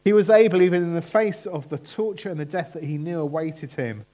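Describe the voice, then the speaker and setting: A man preaching a sermon in a church, earnest and emphatic, slowing down on key phrases. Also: a little high, warm tone.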